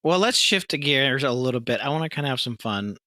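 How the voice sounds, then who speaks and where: A man's voice: mid-range voice, lively intonation, a little fast, sharp tone, no echo. A man hosting a podcast interview, enthusiastic and prone to stammering restarts. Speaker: podcast host. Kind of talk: casual interview chat.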